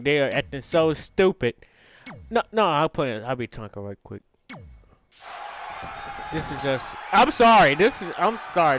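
A man hosting a gaming channel, giving casual commentary on a wrestling game, exasperated, shouting at the screen and swearing. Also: high voice, expressive, moderate pace, pauses often. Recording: game audio with loud crowd noise. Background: video game crowd noise.

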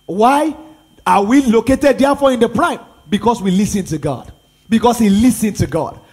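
A man's voice: sits high, moderate pace, a little mellow, husky. A Nigerian pastor, a man, preaching a sermon with emphatic repetition and rhetorical questions.

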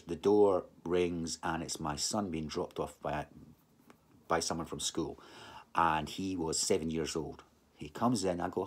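A middle-aged man telling a personal testimony in a halting, rambling way, full of restarts and remembered thoughts. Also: deep voice, husky. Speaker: speaker giving a personal testimony. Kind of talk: emotional personal storytelling.

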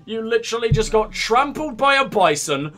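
A man's voice: very high-pitched, very animated, moderate pace, a bit bright. A young man riffing sarcastically and crudely while commentating his gameplay. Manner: sarcastic, rambling, crude jokes. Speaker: let's play host.

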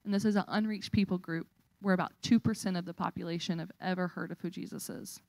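Young woman missionary, earnest appeal, lower voice, dry close sound. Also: fairly even intonation, quick pace, creaky, darkish tone, no room sound, poor audio. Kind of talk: testimony appeal at church.

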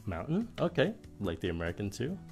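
Very low-voiced Vietnamese woman teacher. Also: very animated, a little mellow, soft background music. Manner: curious, questioning, quick surprised reactions. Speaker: host, English teacher. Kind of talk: casual pronunciation lesson.

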